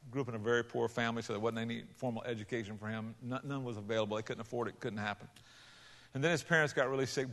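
Preacher in a reverberant hall. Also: male voice, medium pitch, vocal fry. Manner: conversational, many restarts, rising to loud emphatic passages. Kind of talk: sermon storytelling. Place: large hall with a congregation.

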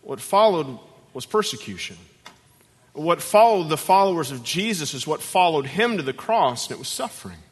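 A man preaching a sermon as guest pastor, animated and acting out voices in his stories. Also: fairly high pitch, moderate pace, breathy edge, long reverb tail. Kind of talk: sermon with storytelling.

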